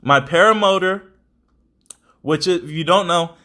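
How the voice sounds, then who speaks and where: A man's voice: high voice, measured pace, bright, forceful tone. A young adult man hosting a podcast, talking in casual, rambling chat full of slang and swearing. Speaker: podcast host.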